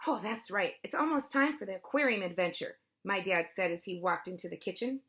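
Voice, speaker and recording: A woman reading a children's chapter book aloud, lively, with her pitch rising for the kids' lines and dropping for the narration tags. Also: a little fast. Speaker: storybook reader. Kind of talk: children's read-aloud with character voices.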